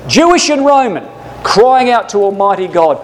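A man's voice: sits high, sing-song, normal speed, a little hiss or hum, rough recording. A man teaching a Bible class, preaching fervently and pressing listeners with urgent rhetorical questions. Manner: addresses listeners as brothers and sisters.

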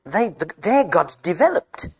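A man preaching a folksy sermon, telling the story with animated, stammering restarts. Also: high voice, measured pace, breathy edge.

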